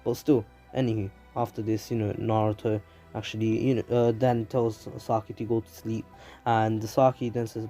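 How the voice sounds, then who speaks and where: A man's voice: fairly low pitch, level tone, normal speed, warm tone, soft background music. A young man with a London accent, casually recapping a story at home, rambling with lots of fillers and restarts. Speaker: YouTube anime channel host. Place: home in a city, traffic sirens outside.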